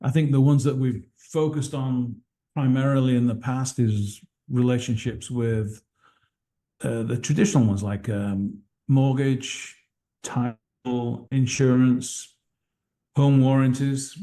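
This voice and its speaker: An English man speaking over a video call, his voice mellow and relaxed. He talks in a chatty, self-deprecating way and explains at length. His pitch sits in the middle range. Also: slow pace. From England. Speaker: guest team owner.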